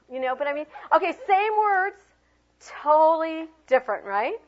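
A woman leading a teaching workshop, animated and chatty, swinging her voice high and low to demonstrate tone and prompting the group with lots of fillers. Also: moderate pace. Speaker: teacher trainer. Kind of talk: classroom workshop talk. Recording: dull lo-fi room recording.

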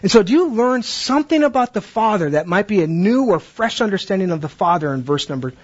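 A man's voice: high-pitched, lively intonation, fast, dull audio. A man training Bible teachers in a conversational way, asking questions and acting out classroom exchanges.

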